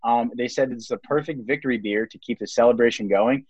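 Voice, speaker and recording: A man's voice: medium pitch, brisk, a little mellow, breathy edge, no room sound. Casual young man rambling about sports. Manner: rambling, many fillers like "like" and "um". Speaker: podcast host. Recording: slightly dull lo-fi sound.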